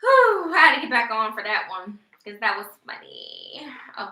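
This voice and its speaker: A young woman speaking rants on a casual livestream, sassy and mocking with frequent laughter. Her voice sits high and sounds bright and sharp. The room around her is echoey. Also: big pitch swings, moderate pace. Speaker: vlogger.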